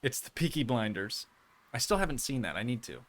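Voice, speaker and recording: A man's voice: medium pitch, big pitch swings, fairly quick, fairly bright tone. A man streaming a park-building game, chatting casually and playfully with his viewers in rambling asides. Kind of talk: casual game livestream chat. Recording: faint music in background.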